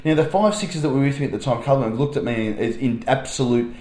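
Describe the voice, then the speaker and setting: A man's voice: medium pitch, fast, roomy sound. A young Australian man, a primary school teacher, telling a rambling anecdote on a chat podcast with lots of fillers. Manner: rambling, animated storyteller with fillers.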